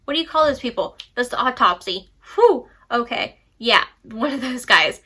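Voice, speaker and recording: A woman's voice: fairly high pitch, expressive, normal speed, sharp tone, breathy edge. A young woman chatting casually about books she read, rambling with playful asides. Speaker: book vlogger. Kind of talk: casual book review chat.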